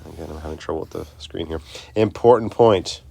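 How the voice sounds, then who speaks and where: A man's voice: rumbling low, monotone, racing, vocal fry, a little mellow, slightly rough. A man teaching a recorded math lesson, chatty and self-interrupting, talking students through each step.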